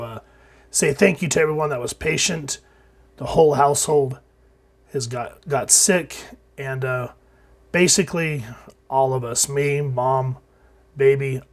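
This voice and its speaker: A man reviewing an old comic book in casual chat, sounding sick and hoarse, with frequent fillers and restarts. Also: medium pitch.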